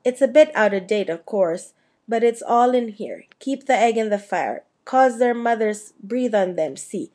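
A woman reading the part of a big, gruff, proud male groundskeeper with a slow, homely, talkative way of speaking. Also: fairly high pitch, animated, dark tone. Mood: proud, chatty.

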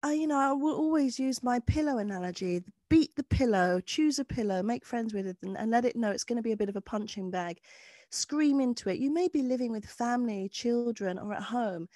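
A woman's voice: a little high, fairly quick, dark tone, dry recording. A woman guest who works with clients, giving earnest, frank advice in a podcast conversation. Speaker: guest therapist speaking of clients.

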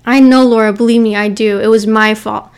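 A woman's voice: medium pitch, steady tone, a little fast, darkish tone, clear, resonant tone, lightly acted. A woman voicing a remorseful middle-aged mother who pleads tearfully, breaking off and repeating herself. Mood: pleading.

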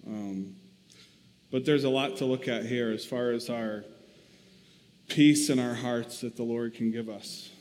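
A man preaching and introducing a reading, soft-spoken with hesitant pauses. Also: mid-range voice, steady tone. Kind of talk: sermon with book reading. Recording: long hall reverb.

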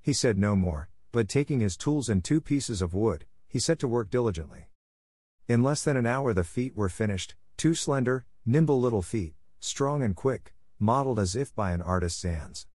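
A man narrating a classic storybook in a steady, measured reading voice. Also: mid-range voice, no echo, studio quality. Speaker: audiobook narrator.

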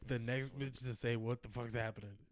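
A man in an animated comedic chat, laughing loudly and jumping into high-pitched impressions of people. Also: brisk. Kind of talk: casual comedic chat, acting out scenes.

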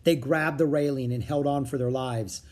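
A reader narrating a children's book in a steady storytelling manner. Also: mid-range voice, normal speed. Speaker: audiobook reader.

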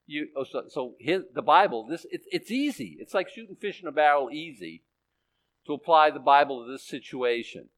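A man in his sixties, a pastor preaching a sermon, emphatic and animated, reading scripture and making sarcastic asides. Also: a little high, moderate pace. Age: 60s. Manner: reads scripture aloud in older English.

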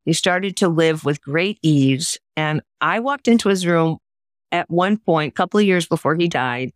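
A woman's voice: low-pitched, expressive, normal speed, dry recording, clean studio sound. Earnest older woman telling stories. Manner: earnest, emphatic, acts out quoted voices. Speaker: memoir author and writing teacher. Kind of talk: interview storytelling.

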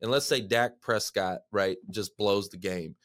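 A man's voice: on the low side, unhurried, fairly bright tone, no echo, clean studio sound. A man hosting a podcast, chatting casually and telling stories with lots of "man" and "dude" fillers. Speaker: podcast host. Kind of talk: animated casual interview chat.

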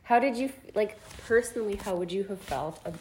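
A woman's voice: mid-range voice, animated, fairly quick, darkish tone, a little hiss or hum. A woman co-hosting a podcast who asks careful questions and answers in a supportive way, in casual chat. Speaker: podcast co-host.

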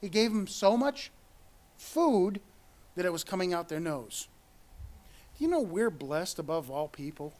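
A man's voice: high voice, sing-song, unhurried, pauses often, a little mellow. A man preaching a sermon and reading scripture aloud, earnest, repeating words and rising for emphasis.

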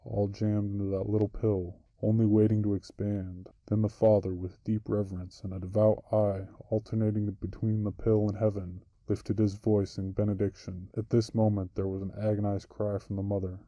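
A man reads short stories aloud in a steady, unhurried manner. His voice sits low and very dark, with little rise and fall. The sound is close and dry. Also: no room sound, lo-fi sound. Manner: steady, even storytelling delivery. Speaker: narrator. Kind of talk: audiobook reading of short stories.

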